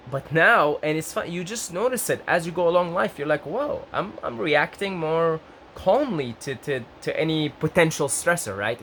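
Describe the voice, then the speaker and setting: A young man talks casually to his viewers, rambling and restarting his sentences. When he gets excited his voice leaps up high, then settles back down. A faint hum of background noise sits behind him. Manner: rambling, self-interrupting, lively pitch jumps when excited. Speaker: vlogger. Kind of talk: casual talk to camera.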